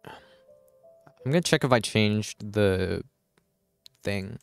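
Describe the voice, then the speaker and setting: On the low side and creaky, a man talks extremely slowly with no echo and soft music behind him. During a casual game livestream he's distracted, saying "hold on" while tweaking settings, casually swearing and talking back to chat.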